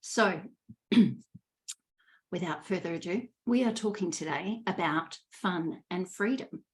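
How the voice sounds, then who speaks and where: A woman's voice: lowish voice, slow pace. Bubbly woman co-hosting a podcast. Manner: bubbly and enthusiastic. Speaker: podcast co-host, love coach. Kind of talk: casual podcast chat.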